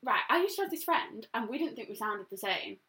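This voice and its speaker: A woman's voice: fairly high pitch, expressive, a little fast, pushed and bright, recorded from a distance. A woman in her twenties co-hosting a casual podcast, chatty, laughing often and swearing casually. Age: 20s. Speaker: podcast co-host. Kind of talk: casual chat.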